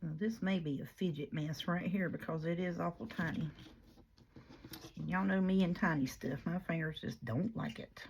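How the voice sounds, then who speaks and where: A woman with a low, gravelly voice talks her way through a paper craft in a folksy, chatty manner. She talks to herself and to her materials as she works. The home recording is noisy, with clicks behind her. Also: normal speed, darkish tone. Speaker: crafting vlogger. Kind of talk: casual crafting chat.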